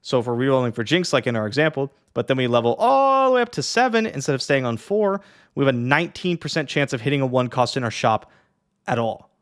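A man casually explaining a strategy game to beginners in a chatty, lively way, with many fillers and the odd yawn. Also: mid-range voice, quick pace. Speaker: streamer teaching a strategy game. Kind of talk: casual tutorial talk.

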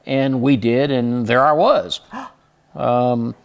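A guest from Houston, Texas, with a slight Southern twang, spins stories in a casual interview, often restarting and chuckling in between. He speaks slowly in a clean, medium-pitched voice.

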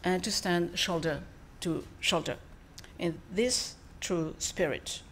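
This foreign minister, a native French speaker with a French accent, has a fairly low but slightly bright voice, with a little hiss or hum in the audio. She delivers a formal address and takes questions at a measured pace, often pausing and using fillers.

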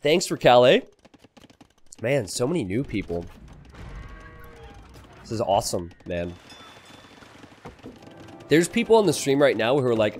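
Animated young man casting a game live. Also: on the low side, measured pace, pauses often, slight background noise. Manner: joking, self-teasing, excitable. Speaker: game caster and streamer. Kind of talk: live game commentary with chat banter.

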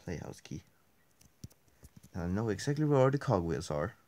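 A man commentating on a horror game he is playing, swearing constantly and swinging between quiet mutters and angry yelling. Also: on the low side, sing-song, normal speed, slight background noise. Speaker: gameplay commentator. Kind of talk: casual let's play commentary.

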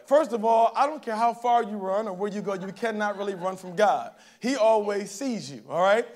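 Guy preaching at church, fairly high voice, chatty sermon, keeps asking the crowd "all right?". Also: expressive, moderate pace. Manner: conversational preaching, keeps checking in with the congregation. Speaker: pastor. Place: church service.

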